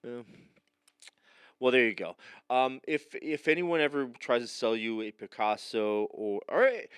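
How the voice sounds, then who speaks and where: A man's voice: medium pitch, lively intonation, a little slow, fairly bright tone, smooth, no echo. A man co-hosting a casual podcast, rambling and joking, often stopping mid-sentence and trailing off. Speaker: podcast co-host. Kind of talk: casual chat.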